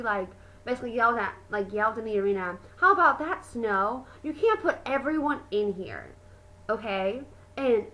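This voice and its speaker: A young woman talks in a casual video review, bubbling with excitement and packing her speech with fillers. Her voice sits a little high and rings very bright. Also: poor audio. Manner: gushing, excitable, full of fillers. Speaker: book and movie vlogger.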